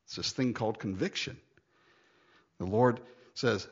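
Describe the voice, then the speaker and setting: A man preaching a Bible-teaching sermon, chatty and animated, often laughing and acting out quoted lines. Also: on the low side, a little slow, husky, dull audio. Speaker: pastor.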